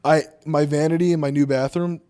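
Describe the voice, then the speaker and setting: A loud man with a New Jersey accent, chatting on a podcast and cursing freely. His voice sits a bit higher than most men's. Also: steady tone, fairly quick. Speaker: podcast co-host. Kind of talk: casual podcast chat.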